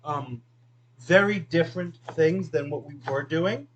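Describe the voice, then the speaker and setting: A man's voice: fairly high pitch, measured pace, a bit bright, lo-fi sound, a little hiss or hum. A man rambling casually with lots of fillers while he cooks at home, talking to a friend off camera. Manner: rambling, filler-heavy, self-deprecating. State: eyes watering from onions. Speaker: video host. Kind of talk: casual chat while cooking.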